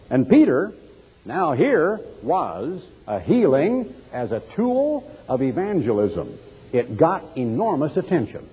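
A man's voice: mid-range voice, dark tone, husky. A man preaching a sermon, retelling a scripture story dramatically and acting out the quoted voices. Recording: long hall reverb.

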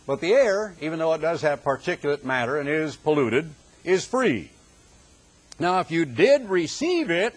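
A man's voice: on the high side, sing-song, normal speed. A man preaching a Bible exposition sermon, emphatic, drawing out key words and rising on rhetorical questions.

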